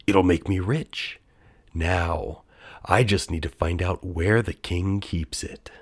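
A man's voice: fairly low pitch, animated, measured pace. A man voicing a greedy, sly male thief in a storybook reading, teasing and muttering asides. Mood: scheming. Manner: scheming, teasing, whispering asides.

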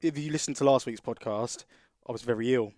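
A man co-hosting a podcast, chatting casually into a studio mic. His voice sits at an ordinary pitch, and he keeps restarting his sentences as he rambles through a story. The sound is dry and close, with no room echo. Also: brisk, a little mellow. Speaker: podcast co-host.

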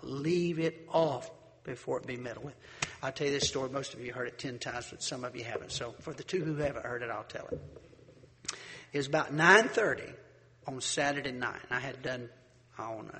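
A preacher giving a sermon, folksy and animated, telling a story and acting out the people in it. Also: male voice, mid-range voice, long reverb tail. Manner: folksy, animated storyteller who acts out voices.

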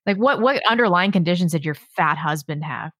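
A woman's voice: on the low side, animated, brisk, dry recording, clean studio sound. A woman co-hosting a podcast, chatting bluntly and caustically about the news. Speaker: podcast co-host. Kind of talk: casual political chat.

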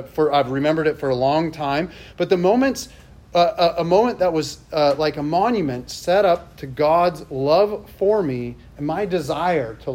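A man's voice: a little high, a little mellow. A middle-aged male pastor giving a sermon in a church, telling a personal story in a conversational way with self-deprecating asides.

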